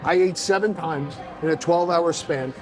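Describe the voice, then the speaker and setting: A man's voice: on the high side, normal speed, over music, crowd noise, rough recording. Blunt, profane New man. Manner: blunt, profane, animated storytelling. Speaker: podcast guest, fitness coach. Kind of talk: casual podcast chat.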